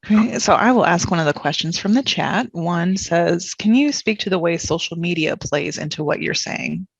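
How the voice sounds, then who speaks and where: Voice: medium pitch, normal speed, creaky, slightly rough, dry recording. A moderator on a video call, briefly reading audience questions from the chat. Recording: muffled video-call audio.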